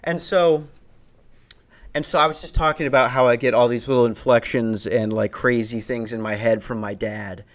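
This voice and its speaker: A man's voice: medium pitch, fairly even intonation, normal speed. A man in his twenties telling a rambling, profane stand-up story that builds into a worked-up rant. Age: 20s. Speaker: stand-up comedian.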